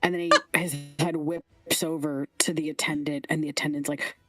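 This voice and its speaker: A woman's voice: sits low, level tone, moderate pace, a bit bright, soft background music. A woman running a tabletop role-playing game as game master, narrating with a playful, giggly manner. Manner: playful, giggly, switches into character voices.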